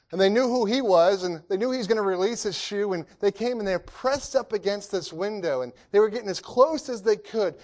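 A man preaching a sermon, earnest, asking rhetorical questions, repeating phrases and restarting often, swinging from loud emphasis to hushed lows.

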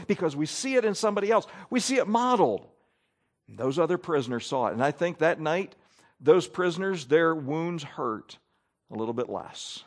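A man's voice: a little high, very animated, normal speed. A middle-aged male pastor preaching a sermon, acting out his listeners' thoughts in quoted asides.

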